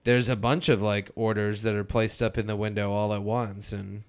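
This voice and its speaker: Smooth-voiced man in casual chat. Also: fairly low pitch, level tone. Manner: retells scenes with quick mimicked lines. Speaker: podcast co-host. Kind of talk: casual chat recapping a cartoon episode.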